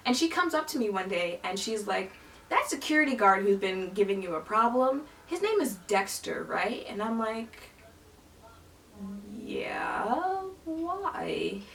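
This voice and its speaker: Gravelly young woman telling a story. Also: mid-range voice, a little hiss or hum. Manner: animated, acts out voices of people in her story. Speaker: vlogger. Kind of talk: storytime vlog, casual storytelling. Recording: voice a bit distant from the mic.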